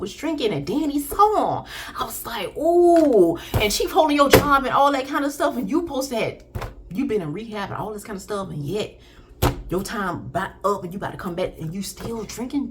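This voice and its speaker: A woman recapping a TV episode in animated, dramatic casual chat, talking straight to her viewers. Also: mid-range voice, background noise. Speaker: faith TV recap vlogger. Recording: music playing behind.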